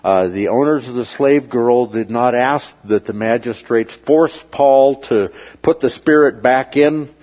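A man teaching a Bible lesson over slides, pausing often and filling the gaps with filler sounds. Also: mid-range voice, dull audio. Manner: halting, many filler sounds between phrases.

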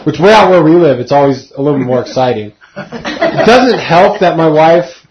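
A man's voice: fairly high pitch, expressive, moderate pace, highs cut off, background noise. A man in his thirties casually teaching a Bible study, talking conversationally and asking his group questions.

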